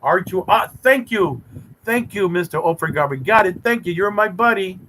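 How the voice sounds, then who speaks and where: A man's voice: high-pitched, lively intonation, normal speed, bright, forceful tone, a little hiss or hum, low-quality recording. A man hosting a live stream, chatting with viewers in a teasing, mock-romantic way. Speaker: livestream host reading chat. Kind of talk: rambling playful live chat.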